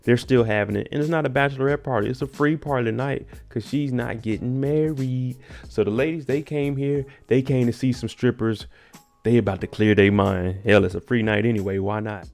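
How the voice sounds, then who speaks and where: Gravelly-voiced man recapping a show. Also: mid-range voice, fairly even intonation, fairly quick, darkish tone, faint music behind. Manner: laid-back, joking slang narration. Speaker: TV recap host. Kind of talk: casual episode recap.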